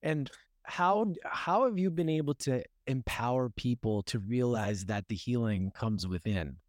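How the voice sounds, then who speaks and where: Man hosting, calm and affirming. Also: medium pitch, a little slow, no echo, clean studio sound. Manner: brief, affirming responses and reflective questions. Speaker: podcast host. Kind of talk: casual interview.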